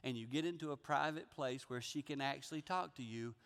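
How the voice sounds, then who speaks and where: A man preaching voices God speaking in a soft, low, near-whispered, earnest way, in a reverberant hall. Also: fairly quick, gravelly. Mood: gentle urging. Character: hushed low voice of God, gentle, patient.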